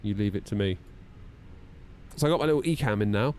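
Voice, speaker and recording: Brisk and expressive, this fairly low, darkish man's voice belongs to a streamer in his 30s. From his home sim room he flies on a live stream, running checklists while trading self-deprecating jokes with viewers, with a bit of hiss or hum.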